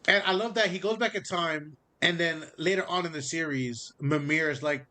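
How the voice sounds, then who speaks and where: A man with a high-pitched voice in a casual chat. He gets excited, swears freely and laughs as he retells scenes. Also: fairly quick, hardly any pauses. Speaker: podcast co-host. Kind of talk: casual chat about video games.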